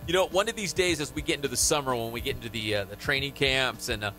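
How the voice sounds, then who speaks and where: Young male sports radio host, animated casual chat, bright voice. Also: medium pitch, fast, faint music behind. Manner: animated, joking, hedging with fillers. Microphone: studio microphone.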